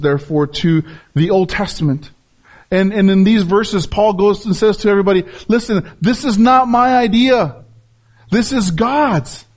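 A man's voice: fairly high pitch, mellow. A man, a pastor, preaching a sermon with emphatic repetition and rhetorical questions to his listeners.

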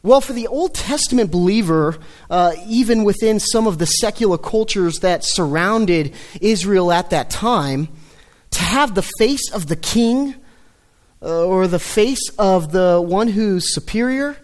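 A high-pitched man delivering a sermon. He speaks earnestly, sinking into a low, hushed voice when he reads the psalm's lament. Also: expressive, unhurried. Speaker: preacher.

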